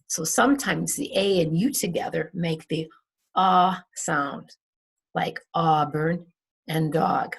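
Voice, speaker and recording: A woman with a low, husky voice and some vocal fry reviews vowel sounds. She speaks very slowly, repeating each example word twice and stretching out its vowel. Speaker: English teacher. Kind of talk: slow, careful classroom review.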